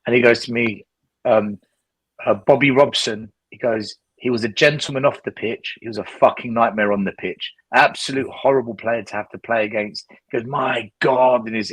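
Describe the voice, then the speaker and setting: Husky, animated male football fan. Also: medium pitch, moderate pace, no room sound. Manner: animated storyteller, repeats himself. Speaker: co-host of a fan show. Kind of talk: casual chat.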